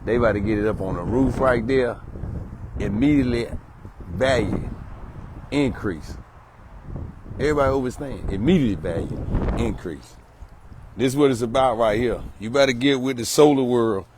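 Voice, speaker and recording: A man doing a live outdoor promo vlog, hyped and repeating slogans and shout-outs. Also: mid-range voice, normal speed, long pauses, background noise. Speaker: solar sales promoter.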